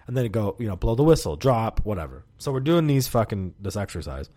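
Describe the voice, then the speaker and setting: Male solo podcast host, lively rambling storyteller, dry close sound, swears freely. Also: medium pitch, quick pace, no echo. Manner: rambling, profane, laughs often. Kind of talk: casual storytelling monologue.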